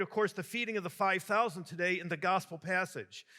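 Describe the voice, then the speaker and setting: A bishop from Michigan preaches a homily to a large youth audience. He jokes and speaks with animated energy, turning to the crowd as he goes. His voice is bright and sits fairly high for a man. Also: brisk, hardly any pauses. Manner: jokey, animated storyteller addressing a crowd.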